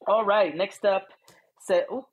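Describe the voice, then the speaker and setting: A woman co-hosting a casual podcast, reading listener letters aloud with lively asides and laughter. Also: mid-range voice, a little slow, breathy edge. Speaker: podcast co-host.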